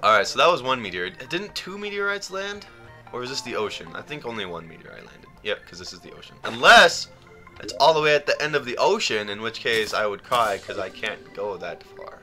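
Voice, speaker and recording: A young man rambling and joking through casual gameplay commentary, with sudden loud outbursts. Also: medium pitch, sing-song, brisk, faint music behind. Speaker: gaming YouTuber.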